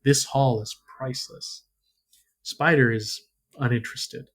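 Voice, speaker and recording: A man on a podcast casually recaps game lore. He hesitates often, restarting phrases and filling gaps with ums. His voice sits at a medium pitch. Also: steady tone, a little slow, fairly bright tone. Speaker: podcast co-host.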